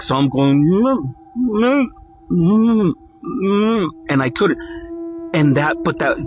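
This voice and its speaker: A man earnestly retelling his own creepy experience in a halting, first-person storytime. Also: medium pitch, slight background noise, rough recording. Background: clear background music.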